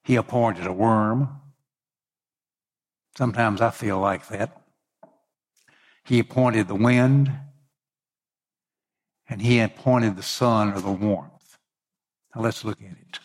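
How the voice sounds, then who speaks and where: A man preaching a sermon in an expressive way, his voice climbing when he acts out quoted speech. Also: fairly low pitch. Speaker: pastor.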